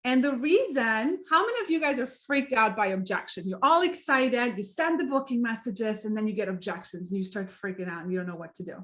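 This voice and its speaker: An upbeat middle-aged woman talks through a live training session for her sales team, chatty and encouraging. Her voice sits a little high. She keeps checking in with her listeners and acts out small scenes as she goes. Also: lively intonation, brisk, few pauses, a bit bright. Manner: upbeat, chatty, often asks "right?" and acts out little examples. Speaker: direct sales team leader.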